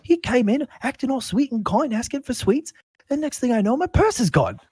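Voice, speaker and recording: A man voicing an indignant older male shopkeeper who wags his finger and complains loudly. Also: big pitch swings, fairly quick, husky, no room sound, heavily acted. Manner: shrill, indignant, finger-wagging.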